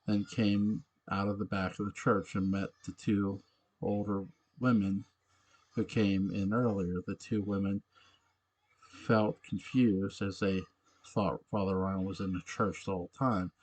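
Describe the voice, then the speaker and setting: A man reading a story aloud, halting and often correcting himself mid-sentence. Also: low voice, little pitch movement, darkish tone. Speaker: narrator.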